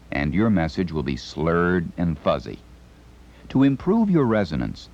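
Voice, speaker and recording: A middle-aged man giving scripted instructional narration, with a crisp, carefully enunciated announcer delivery. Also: sits low, darkish tone. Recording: dull lo-fi 1970s tape recording.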